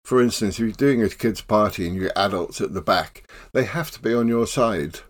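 An older man, a professional clown telling stories in a relaxed interview. He laughs often and acts out the voices in his tales. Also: fairly low pitch, moderate pace. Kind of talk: casual storytelling interview.

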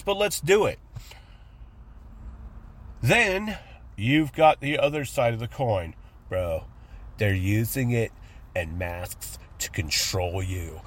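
Slow-talking sarcastic man. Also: medium pitch. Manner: profane, sarcastic, acts out mocking voices. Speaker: podcast host. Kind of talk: casual ranting monologue.

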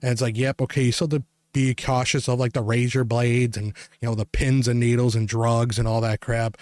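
A man's voice: medium pitch, flat delivery, moderate pace, hardly any pauses, darkish tone, no room sound, clean studio sound. A young man hosting a podcast, telling a long story in casual, rambling chat full of filler words. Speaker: podcast host.

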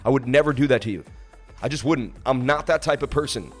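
A man's voice: mid-range voice, a little fast, faint music behind. A man hosting a crypto livestream, chatting casually and emotionally while reading viewer comments and begging for likes. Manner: rambling, emotional, pleading for likes. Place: traveling, streaming from Miami.

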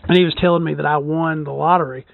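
A woman's voice: low-pitched, fairly even intonation, quick pace, vocal fry, dry recording. A woman hosting a casual solo podcast from her parked truck, rambling and swearing freely with self-deprecating asides. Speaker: podcast host. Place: parked truck in a parking lot. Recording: dry, tinny phone-like sound.

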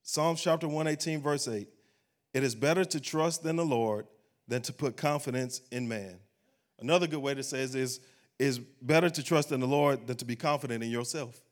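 A man's voice: mid-range voice, normal speed. A man, a pastor preaching a sermon at a church service and closing in a rising, fervent prayer.

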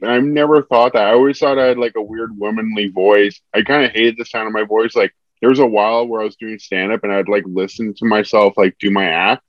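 A young man co-hosting a podcast, chatting casually and joking in a deadpan way. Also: on the low side, fairly quick, few pauses, no echo. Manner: deadpan, dry jokes. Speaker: podcast co-host. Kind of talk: casual chat. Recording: dull, muffled dry sound.

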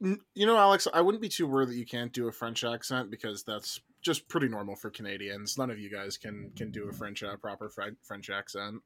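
A man's voice: lowish voice, fairly quick, few pauses, a bit bright. A man hosting a casual comics podcast with friends, playful and mock-grandiose. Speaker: podcast host. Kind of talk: casual comedic podcast chat.

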